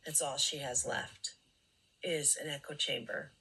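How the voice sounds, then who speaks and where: A woman commentator speaks in a low, unhurried voice with a gravelly, husky texture. Her tone is sarcastic and critical as she remarks on clips, pausing often with fillers. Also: steady tone, sharp tone, rough recording. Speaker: commentary channel host.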